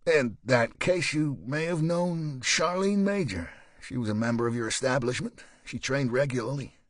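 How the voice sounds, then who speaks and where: A man's voice: mid-range voice, moderate pace, no echo, pitched above the performer's own voice, close to an everyday voice. A male narrator playing a police sergeant who questions a suspect in a dry, pointed way. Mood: probing.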